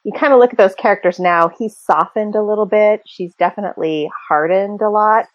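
A woman's voice: medium pitch, brisk, dry recording, lo-fi sound. A woman co-hosting a casual fan podcast, chatting and speculating freely, with many fillers and small laughs. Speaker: podcast co-host.

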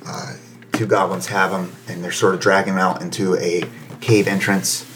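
A man running a tabletop game as game master, narrating in a halting way full of fillers and small restarts. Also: low voice, level tone, echoey room, music in the background.

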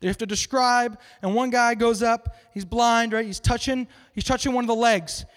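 A man with a very high voice preaches a casual sermon, joking and asking rhetorical questions like he is chatting with the room. His words ring out with a long reverb through a large hall. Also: fairly even intonation, normal speed, a bit bright.

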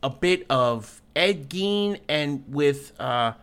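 Man, podcast co-host, jokey banter, bright voice, animated pitch. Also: slow pace, clear, resonant tone. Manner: jokey, animated, swears casually. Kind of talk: casual podcast chat.

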